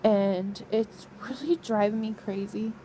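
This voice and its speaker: A woman's voice: mid-range voice, fairly even intonation, a little slow, warm tone, slight background noise, rough recording. A young pregnant woman vlogging casually from bed, rambling and laughing as she talks to her camera. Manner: chatty, rambling, laughs often. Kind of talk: casual pregnancy vlog chat. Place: lying in bed at home.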